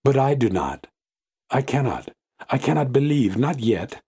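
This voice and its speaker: A man's voice: medium pitch, very animated, measured pace, dark tone, husky, pitched above the performer's own voice, full character voice. A man reading an audiobook, voicing a devoted, anguished young woman who pleads and repeats herself in grief. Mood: grieving. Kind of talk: audiobook character voice.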